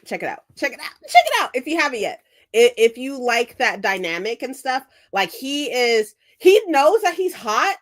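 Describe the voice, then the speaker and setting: A woman, chatting casually on a live stream, rambling excitedly and swearing freely. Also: on the high side, normal speed. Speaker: book streamer.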